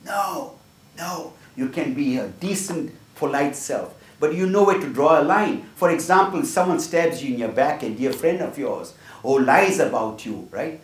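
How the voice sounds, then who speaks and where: A middle-aged man speaks earnestly to a small group, giving a motivational talk and checking in with "right?" at the end of each point. His voice sits a bit high for a man and is picked up from across an echoing room. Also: animated, unhurried. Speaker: workshop speaker. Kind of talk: motivational talk with personal stories. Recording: echoey room from a distance.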